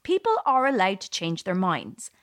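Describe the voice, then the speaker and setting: A woman's voice: medium pitch, huge pitch swings, moderate pace, fairly bright tone, no room sound, studio quality. A woman comedian hosting a podcast, delivering a sarcastic political monologue and laughing at her own jokes.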